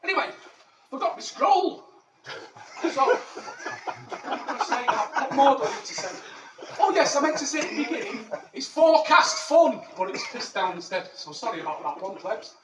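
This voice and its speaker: A man's voice: extremely high pitch, sing-song, moderate pace. Male comic as boastful Roman legionary, crude and rambling; distant, roomy recording, noisy. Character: cheeky ancient Roman soldier living in Manchester. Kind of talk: character stand-up monologue. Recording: echoey, distant mic, background noise.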